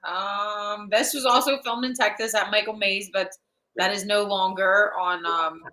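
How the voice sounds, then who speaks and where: A woman who is a musician guest, speaking hesitantly with many pauses over a video call. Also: mid-range voice, steady tone, sharp tone, low-quality recording. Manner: hesitant, lots of ums. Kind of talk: casual interview chat.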